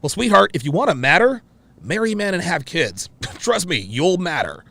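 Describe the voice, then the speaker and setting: A man hosting a reaction show, commenting on a clip in an excitable way and often repeating himself. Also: high voice, normal speed, creaky. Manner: excitable, interrupts and repeats phrases.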